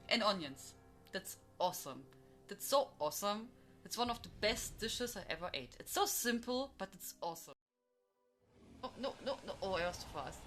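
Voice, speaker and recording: A young woman streaming a game, giggling and squealing excitably as she chats. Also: fairly high pitch, a little slow, faint music behind. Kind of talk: casual gameplay commentary.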